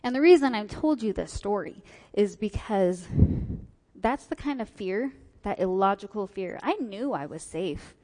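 A woman's voice: medium pitch, expressive, unhurried, darkish tone. A woman telling a personal story to an audience, vividly acting out what people said to her. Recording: long hall reverb.

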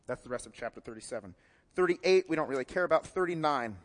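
A man preaching a sermon to a congregation, retelling a story in a casual, wry way with asides and quick self-corrections. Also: on the high side, lively intonation, big-room sound. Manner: corrects himself mid-sentence. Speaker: pastor.

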